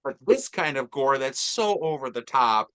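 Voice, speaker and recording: A man's voice: medium pitch, animated, moderate pace, bright, forceful tone, smooth. A man hosting a casual movie review chat, talking enthusiastically and rambling with fillers. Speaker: podcast host.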